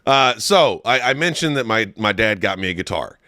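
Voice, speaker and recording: A young man co-hosting a crude comedy podcast, an animated storyteller who swears a lot and breaks into laughs. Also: on the low side, normal speed, dry recording, clean studio sound. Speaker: podcast co-host.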